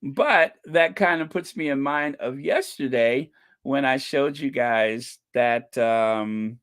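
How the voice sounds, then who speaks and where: Slow-talking, chatty male channel host. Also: medium pitch, a bit bright, clean tone. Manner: chatty, laughs often, rambling with fillers. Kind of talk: casual commentary.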